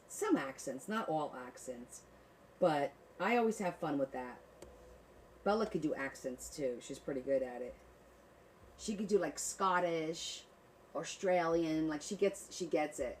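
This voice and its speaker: A woman's voice: low voice, lively intonation, measured pace, slight background noise, low-quality recording. A woman hosting a crafting livestream, chatting playfully with viewers and laughing while she works. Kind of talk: casual chat while crafting.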